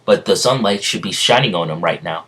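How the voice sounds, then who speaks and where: A man's voice: sits low, a little fast, sharp tone. A man voicing a determined young male hero who lays out a plan in a plain, matter-of-fact way.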